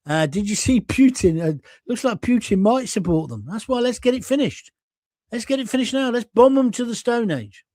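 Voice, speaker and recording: A man's voice: extremely high pitch, lively intonation, moderate pace, warm tone, no room sound. An older man hosting a live online talk show, blunt and sarcastic, reading viewer comments and mocking people in little skits. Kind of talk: ranting live-stream commentary.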